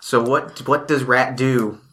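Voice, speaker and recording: A man runs a tabletop role-playing game as game master. His voice is bright and forward, and he narrates in a loose, playful way, often slipping into quick voices for the other characters. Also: medium pitch, steady tone.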